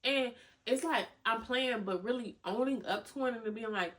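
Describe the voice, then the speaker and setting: A young woman hosting a podcast, giving animated motivational talk full of slang, cussing and laughter. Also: fairly high pitch, normal speed. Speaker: podcast host. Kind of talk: motivational casual talk to listeners.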